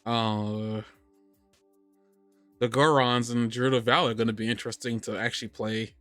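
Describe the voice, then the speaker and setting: A man's voice: mid-range voice, fairly even intonation, moderate pace, a bit bright, dry recording, faint music behind. Rambling man hosting a podcast, dry mic. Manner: rambling, lots of restarts and laughter. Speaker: podcast host. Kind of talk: casual podcast chat. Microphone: studio microphone on a live stream.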